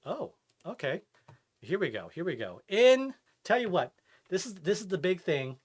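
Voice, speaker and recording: A man's voice: high-pitched, normal speed, slightly rough. A man streaming a game live, chatting casually and reading and answering his chat as he plays. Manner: animated, chatty, reads chat aloud.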